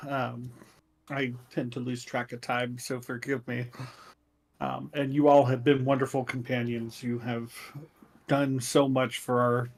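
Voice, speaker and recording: A man's voice: medium pitch, level tone. A man voicing a humble Lycan chieftain. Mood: solemn farewell. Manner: soft-spoken, halting, formal farewell speech. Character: gentle male Lycan tribe leader, humble and grateful.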